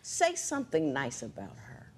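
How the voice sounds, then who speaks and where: A woman's voice: rumbling low, huge pitch swings, normal speed, slight background noise. A middle-aged woman presiding as judge on a courtroom TV show, stern and lecturing.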